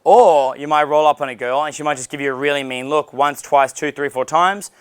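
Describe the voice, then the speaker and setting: A man's voice: a little high, a little fast, clean tone, no room sound. A man teaching a dating seminar, blunt and profane, acting out sample dialogues. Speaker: dating coach. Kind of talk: seminar lecture.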